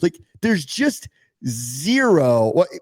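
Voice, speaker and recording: A man's voice: a little high, big pitch swings, slow, dry recording. A man co-hosting a sports podcast, ranting with sarcasm in casual chat.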